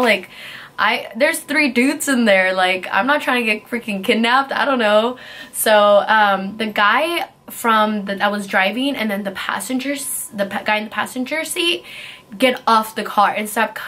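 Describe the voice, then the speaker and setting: Bright-voiced young woman telling a story. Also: medium pitch. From California. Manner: fast, breathless retelling with many fillers. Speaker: vlogger. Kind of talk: casual storytime.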